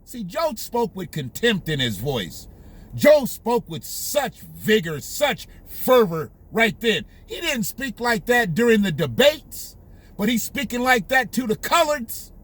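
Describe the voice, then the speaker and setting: A man's voice: high-pitched, a bit bright, breathy edge. A male host ranting in heated, profane, emphatic political commentary, repeating his points.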